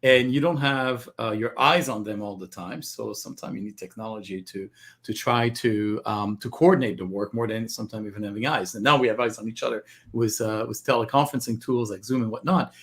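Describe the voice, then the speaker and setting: A man guest on an interview, explaining technology in a measured way and repeating words as he starts a thought. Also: on the low side, fairly bright tone. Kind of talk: interview answers.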